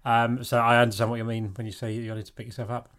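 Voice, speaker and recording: A man's voice: medium pitch, level tone, fast talker, a bit bright. A man co-hosting a podcast, chatting casually with dry, self-mocking banter. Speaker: podcast co-host. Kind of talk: casual chat.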